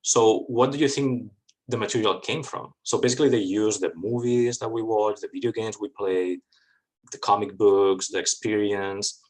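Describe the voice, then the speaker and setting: A man takes questions after giving a talk. His voice sits a little low, and he answers in a lively, wry way. He often trips over his words and restarts. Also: moderate pace, poor audio. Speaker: guest speaker. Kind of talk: academic talk Q&A.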